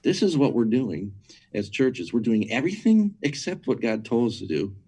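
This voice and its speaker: Speaking in a mid-range, sing-song voice at normal speed, this interview guest has a dark tone with a breathy edge. He explains churches forcefully but conversationally, repeating himself to build his argument and checking in through rhetorical questions.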